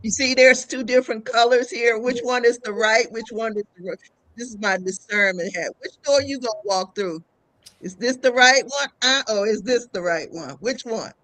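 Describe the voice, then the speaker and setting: A woman guest on a live-stream panel chat, speaking in a deliberate, rhyming way. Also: a little high, a bit bright, no echo. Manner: slow, deliberate, rhyming delivery.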